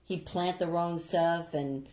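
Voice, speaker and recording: A woman's voice: fairly low pitch, steady tone, takes it slowly, a little mellow, roomy sound. A woman co-hosting a live stream, chatting casually and reading viewer comments aloud.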